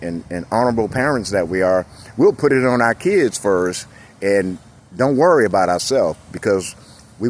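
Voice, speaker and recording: A man's voice: fairly low pitch, slight background noise. A middle-aged man giving a casual motivational monologue, folksy and rambling, chuckling often as he talks.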